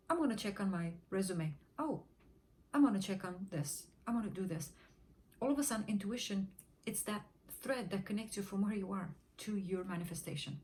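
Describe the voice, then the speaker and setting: A woman coaching listeners through manifestation in a preacher-like cadence. She repeats affirmation lines over and over, sinking to a hushed whisper and then lifting her voice again. Her pitch sits in a middle range for a woman. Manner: rhythmic repetition, drops to a whisper during affirmations. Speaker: manifestation teacher. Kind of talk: motivational teaching talk.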